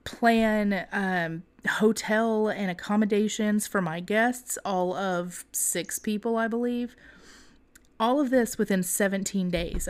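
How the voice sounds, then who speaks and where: A young woman co-hosting a podcast, telling a story in a casual, animated way with laughter. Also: medium pitch. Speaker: podcast co-host.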